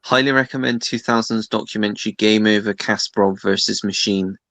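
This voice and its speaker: A man's voice: on the low side, steady tone, fairly quick, fairly bright tone, dry recording. A man co-hosting a livestream, chatting easily, laughing along and reading out viewer comments. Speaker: co-host. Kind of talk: casual chat.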